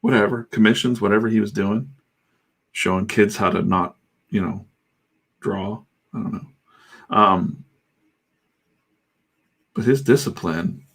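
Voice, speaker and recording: A middle-aged man talks in a loose, rambling livestream chat while he works, irreverent and quick to swear. His voice sits low with a gravelly rasp and a husky edge. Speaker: comic artist streaming while inking.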